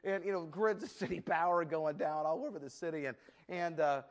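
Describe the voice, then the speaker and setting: A man's voice: a little high, a little fast. A man pastor giving a sermon, telling humorous stories and acting out the scenes. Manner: humorous storytelling, lively acted asides.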